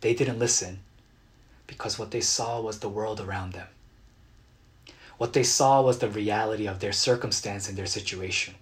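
A man preaching a sermon as a pastor, earnest and dramatic, acting out quotes with bursts of loud emotion. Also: on the low side, fairly even intonation, normal speed, pauses often. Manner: earnest, dramatic retellings with sudden loud outbursts.

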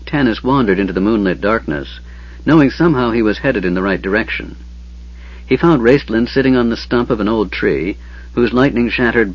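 A man reading a fantasy novel aloud in a steady, measured storytelling voice. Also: on the low side, breathy edge. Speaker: audiobook narrator. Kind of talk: scripted fantasy narration. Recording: dull lo-fi audiobook recording.

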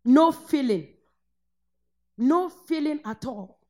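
A woman from northern Nigeria, preaching a fervent sermon that swings between shouted praise and low, intense rebuke. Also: lively intonation, takes it slowly.

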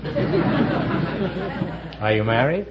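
A man hosting a quiz show, teasing contestants with quick mock-serious one-liners. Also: high-pitched, big pitch swings, a loud crowd. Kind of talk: wisecracking quiz show banter. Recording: dull lo-fi archival broadcast with hiss.

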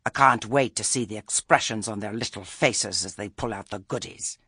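Man voicing proud old witch woman, firm, husky storybook voice. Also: fairly low pitch, normal speed, sharp tone, no room sound, studio quality, heavily acted.

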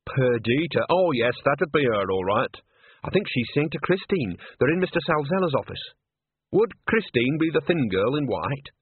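Guy putting on a no-nonsense old lady, husky, kinda tinny. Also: medium pitch, sing-song, no echo. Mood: brisk. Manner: brisk, coaxing, no-nonsense. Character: shrewd, bossy old village woman. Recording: tinny phone-like sound.

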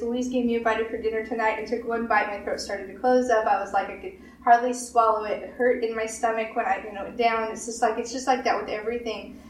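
A woman pastor delivers a sermon with emphatic repetition, slipping into quoted voices. Her voice sits somewhat high and is picked up from a distance in a reverberant room with a faint hiss. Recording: roomy echo, distant mic, faint hiss.

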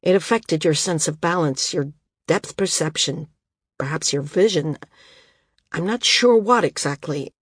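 A woman voicing an older male healer in an audiobook, speaking quietly and gravely. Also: sits low, no room sound, studio quality. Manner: quiet and measured. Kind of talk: audiobook character voice.

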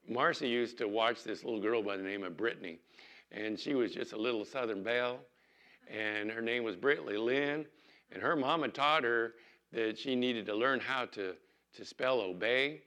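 An older man, a pastor, preaching an earnest sermon and slowing down to read scripture aloud. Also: lowish voice, fairly bright tone.

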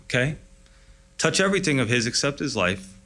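A man voicing God in a calm, confident, conversational way. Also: medium pitch, a little fast.

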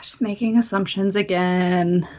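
A woman's voice: mid-range voice, fairly even intonation, unhurried, darkish tone. A woman on a podcast panel, firm and opinionated in a casual chat.

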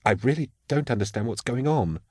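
A man's voice: mid-range voice, lively intonation, a little fast, darkish tone, husky, no echo, studio quality, voice pushed up. A man voicing a nervous, flustered male scholar who stammers.

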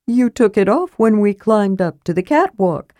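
A woman voicing a small, eager young male kender who speaks in quick, high, chirpy bursts. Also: sing-song, no room sound, natural voice. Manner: bright, eager, rising questions.

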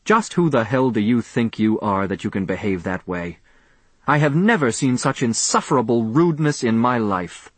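A man's voice: mid-range voice, expressive, moderate pace, slightly rough, no echo. A man reading an audiobook, voicing an indignant, pompous older professor who scolds and blusters. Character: pompous irate male professor.

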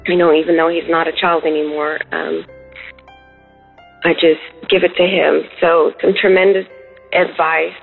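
A woman's voice: deep voice, little pitch movement, unhurried, vocal fry, slightly rough. A woman from Texas calling in with heartfelt, earnest thanks. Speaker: caller, mother. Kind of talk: phoned-in thanks. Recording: tinny phone line, faint music.

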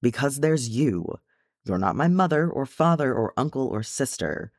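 A man's voice: mid-range voice, lively intonation, normal speed, darkish tone, no echo, studio quality, voice pushed up, natural voice. A man doing a brash young dwarf. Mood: earnest.

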